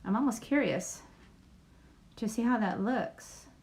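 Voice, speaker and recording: Chatty woman with a higher voice. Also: a little slow, darkish tone. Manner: chatty, apologizes for mispronouncing names. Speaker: YouTube livestream host. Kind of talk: casual livestream chat, reading a list aloud.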